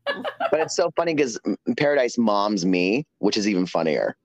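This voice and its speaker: A man guesting on an interview show, telling stories in a sassy, animated way with lots of quoted dialogue. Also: on the low side, moderate pace, no room sound. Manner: sassy storytelling, animated quoting. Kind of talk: casual chat.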